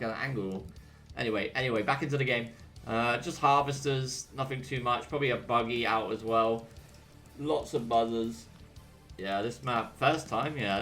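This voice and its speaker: A man's voice: medium pitch, a bit bright. A young English man streaming and casting a strategy game replay, chatty and full of slangy banter with his chat. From England. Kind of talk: casual replay commentary.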